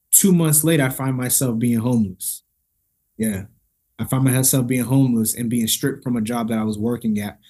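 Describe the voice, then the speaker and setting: A man, a motivational speaker, telling a personal story as a podcast guest in a lively, slangy way, acting out the dialogue. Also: husky. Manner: lively, slangy, acts out dialogue with big pitch jumps.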